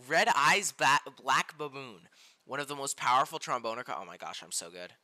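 A young man streaming a game live, reacting with loud outbursts and reading game text aloud. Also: medium pitch, normal speed. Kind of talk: live gameplay commentary. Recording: game music behind voice.

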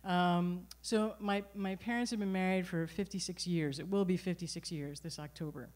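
A middle-aged woman telling a personal story at a live storytelling event, conversational and animated, with frequent restarts. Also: lowish voice, moderate pace. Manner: conversational, animated, self-correcting.

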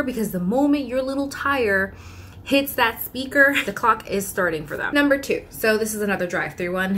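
A woman talking casually to camera in a vlog. She talks in an animated, pleading way and sounds exasperated. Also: medium pitch, a little hiss or hum. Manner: animated, breaks into mimicked customer voices. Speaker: vlogger.

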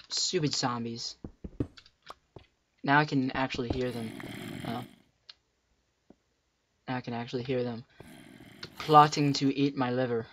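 Brief: man, game host, slow talker with a bright tone and a cracking voice, jumpy and chatty, muffled lo-fi mic. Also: mid-range voice, a little hiss or hum. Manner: chatty, jumpy, yelps at enemies. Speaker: let's play host. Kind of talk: gameplay commentary.

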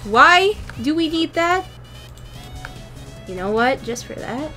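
A woman's voice: very high-pitched, big pitch swings, slow, pauses often, pushed and bright, soft background music. A young woman giving casual, playful commentary while playing a video game, talking to herself with jokey taunts and sudden squeals. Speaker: gaming YouTuber.

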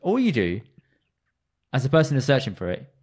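A British man co-hosting a relaxed podcast conversation. He explains himself with dry, self-mocking humour. His voice sits in an ordinary male range. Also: mid-range voice, fairly quick. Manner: wry, self-deprecating banter. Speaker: podcast co-host. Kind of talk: casual chat.

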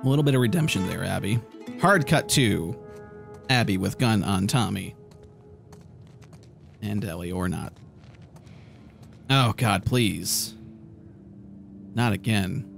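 A man's voice: fairly low pitch, expressive, slow pace, creaky, long pauses, soft background music. A man giving emotional, sweary let's-play commentary while playing a story game. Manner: emotional, swearing, laughing reactions. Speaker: gaming video host.

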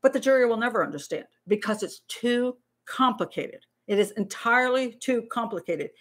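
A middle-aged woman and criminal profiler hosting a live Q&A stream, talking in a blunt, animated way with many restarts. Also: fairly high pitch, moderate pace. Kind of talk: casual live-stream talk.

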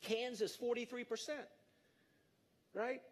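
A man in his fifties gives a live public talk in an energetic, emphatic way and engages the audience directly. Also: very high voice, slow. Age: 50s. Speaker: conference speaker.

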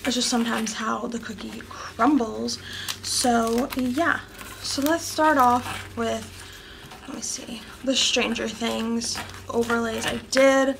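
A woman's voice: fairly high pitch, fairly even intonation, slow pace, vocal fry, noisy background. A woman vlogging a casual haul from her desk at home, rambling and chatty with lots of "um" and "like", sometimes dropping almost to a whisper. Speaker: planner vlogger and sticker shop owner.

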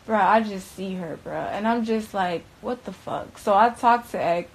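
A young woman recounting what happened in a loose, profane, rambling way, full of filler words, swinging between loud, animated bursts and hushed stretches. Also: mid-range voice, moderate pace, breathy edge, poor audio. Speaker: interviewee recounting events. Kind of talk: casual storytelling.

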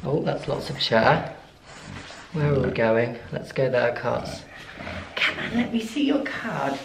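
A man's voice: medium pitch, big pitch swings, takes it slowly, vocal fry. A British man filming a home vlog, chatting to his dog in a sing-song baby-talk way from a camera set on a chair in his living room. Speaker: vlogger and dog owner. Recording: echoey room with background noise.

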